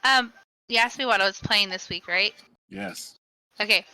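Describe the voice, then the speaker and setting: Bright, clear woman on a headset. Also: medium pitch, moderate pace, dry recording, low-quality recording. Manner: apologetic, relaxed chatty talk. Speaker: gaming podcast panelist. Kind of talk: casual group chat.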